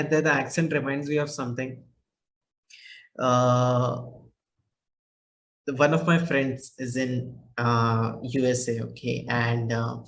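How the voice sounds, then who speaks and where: Male podcast host with an Indian accent, chatty and halting, mid-pitched. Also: fairly bright tone, rough recording. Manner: hesitant, restarts and fillers. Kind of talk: casual interview chat.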